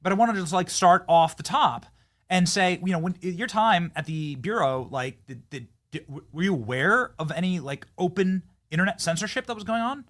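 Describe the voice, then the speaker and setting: A man from Iowa hosting a political talk show, reading an ad and joking with a guest in an animated way. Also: high voice, moderate pace. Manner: animated, jokey, trailing restarts. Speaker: host. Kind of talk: podcast ad read and interview.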